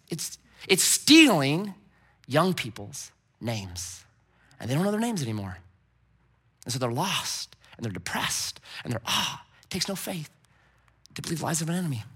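A man preaching a sermon, acting out quotes and swinging from quiet asides to loud peaks. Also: on the high side, breathy edge. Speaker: pastor.

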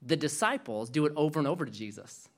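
A male pastor preaching a sermon, animated and acting out quoted voices. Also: fairly high pitch, fast.

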